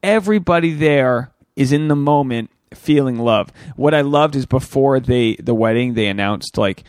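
A man in his thirties hosting a solo podcast, rambling crude stories in a loose, animated way with sudden jumps up in pitch. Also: normal speed, no echo, clean studio sound. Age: 30s. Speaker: podcast host.

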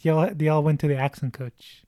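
A man's voice: on the high side, level tone, fairly quick, mellow, no room sound, studio quality. A man chatting casually about a movie, laughing often and retelling scenes.

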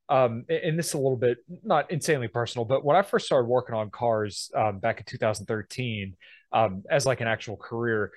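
Young male co-host, mid-pitched, easygoing and filler-heavy, dry close mic. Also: no echo. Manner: relaxed, with many ums and kindas. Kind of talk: casual chat.

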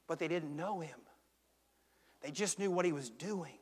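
A man preaching a sermon as pastor, swinging between hushed intensity and shouted emphasis. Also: on the high side, lively intonation, a little slow, pauses often, husky. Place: church sanctuary. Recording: long church reverb.

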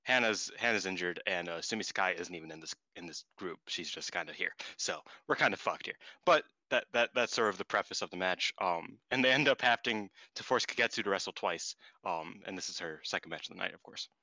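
A man's voice: low voice, brisk, hardly any pauses, sharp tone, dry recording, rough recording. A man co-hosting a casual chat podcast, rambling and self-deprecating with lots of fillers. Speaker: podcast co-host.

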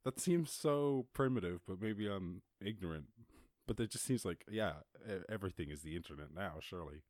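A man with an Irish accent hosting a casual solo podcast, reacting to news in a jokey, excitable way and swearing freely. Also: low-pitched, a little fast, no room sound, clean studio sound. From Ireland. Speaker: podcast host.

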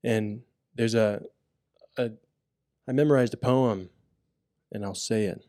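Mellow lower-voiced man, earnest. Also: slow, dry recording, clean studio sound. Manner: earnest, animated when retelling. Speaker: podcast co-host. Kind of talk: casual chat.

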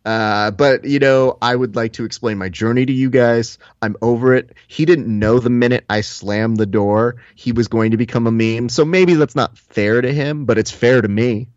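A man's voice: mid-range voice, fairly even intonation, moderate pace, few pauses, a little mellow, no room sound. A man co-hosting a podcast in casual chat, joking and rambling with lots of fillers, recorded with a slightly dull lo-fi sound. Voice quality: jokey, rambling, with many "uh" fillers. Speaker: podcast co-host.

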